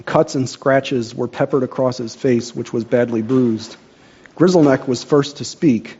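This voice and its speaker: A man narrating a storybook in a measured, earnest way. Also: mid-range voice, mellow, breathy edge, dull audio.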